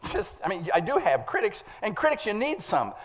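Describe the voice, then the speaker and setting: Man preaching in church; lively and stammering, keeps quizzing the congregation. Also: high voice, fairly quick. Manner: animated, stammering restarts; asks the congregation questions. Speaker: pastor. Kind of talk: sermon.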